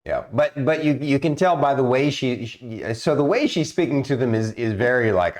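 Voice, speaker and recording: A man's voice: mid-range voice, lively intonation, normal speed, few pauses. A man narrating as game master on a tabletop game stream, rambling with many fillers and restarts.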